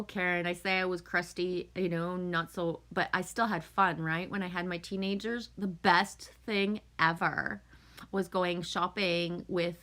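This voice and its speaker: Bright-voiced chatty Canadian woman. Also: lowish voice. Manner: chatty storyteller, swears freely, laughs often. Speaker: livestream host. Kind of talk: casual chat to viewers.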